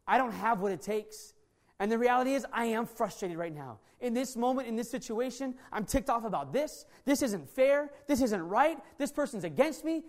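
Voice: medium pitch, lively intonation, normal speed, hardly any pauses, darkish tone. A preacher giving a sermon, earnest and repetitive, often restarting sentences. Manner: earnest, repeats key phrases, restarts sentences.

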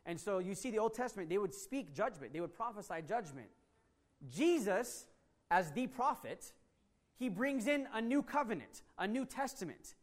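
A man with a notably high voice preaches a teaching sermon. He is earnest and emphatic, and he often restarts his sentences and adds fillers as he explains scripture. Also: very animated, moderate pace. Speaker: pastor.

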